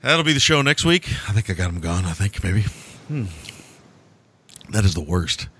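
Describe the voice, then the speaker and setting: A man's voice: fairly low pitch, big pitch swings, moderate pace, a bit bright, husky. A man and father co-hosting a film podcast, chatty and self-mocking with frequent laughs. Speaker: podcast co-host, a parent. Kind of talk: casual film podcast chat.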